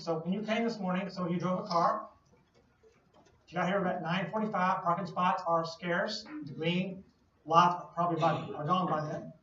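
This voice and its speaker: A man's voice: sits high, fairly even intonation, normal speed, bright, forceful tone. A man giving a classroom lecture, explaining with playful everyday analogies and questions to the class. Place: lecture hall. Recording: distant, echoey lo-fi classroom recording.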